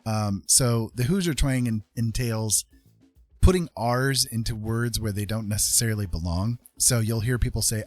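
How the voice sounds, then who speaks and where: Low-voiced man, rambling stream host. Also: moderate pace. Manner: rambling, explains at length with fillers. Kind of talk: casual chat.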